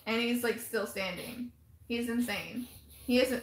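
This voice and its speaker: A woman hosting a casual live chat, talking fast and animated, reading viewer comments aloud and laughing often. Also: a little high, roomy sound. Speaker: live stream host.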